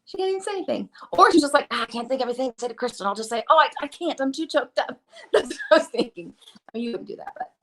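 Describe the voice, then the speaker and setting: A woman talks at a quick clip in a slightly high voice, rambling through a casual chat. She pokes fun at herself and acts out little asides along the way. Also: a bit bright. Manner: rambling, self-deprecating, quick with acted-out asides. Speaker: guest.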